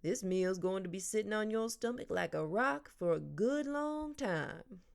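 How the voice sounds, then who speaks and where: A woman's voice: medium pitch, lively intonation, unhurried, creaky. A woman doing a teasing, joking older man. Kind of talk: audiobook character reading.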